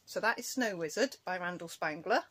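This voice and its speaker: A woman's voice: on the low side, animated, a little fast, fairly bright tone. A woman chatting casually to camera in a cross-stitch vlog, rambling and breaking off to scold her cat.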